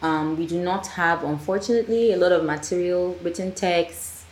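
A woman's voice: fairly low pitch, normal speed. A Nigerian woman, a filmmaker guest on a podcast, chatting casually and acting out the people she quotes. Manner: animated storyteller, acts out quotes. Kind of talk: casual conversational interview. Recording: echoey room, faint ambient noise.

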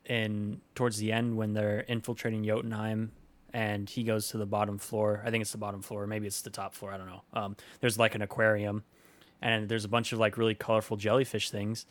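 A man's voice: fairly low pitch, level tone, fairly quick. A man recounting movie scenes in casual talk, rambling and hesitant with many fillers.

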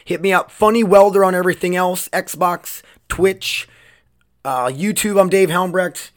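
A man's voice: sits high, unhurried. A young man hosting his own podcast, talking casually in a rambling way, restarting sentences and swearing freely. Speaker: podcast host. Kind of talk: casual solo podcast monologue.

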